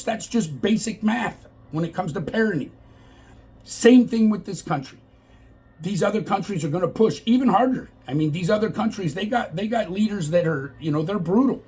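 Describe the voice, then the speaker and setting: Very husky man ranting. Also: sits high, a little mellow, poor audio. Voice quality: impassioned, exasperated. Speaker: vlogger. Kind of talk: political rant to camera.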